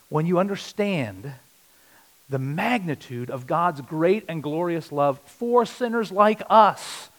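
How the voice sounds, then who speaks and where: A man preaching a sermon as pastor, swinging from loud punchy lines to hushed, earnest ones. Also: sits high.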